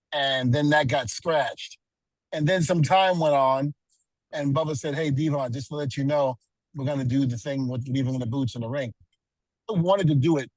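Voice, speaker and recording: A man's voice: medium pitch, no room sound, low-quality recording. A middle-aged man, a retired pro wrestler, telling earnest stories as a guest in a casual interview, with many "you know"s.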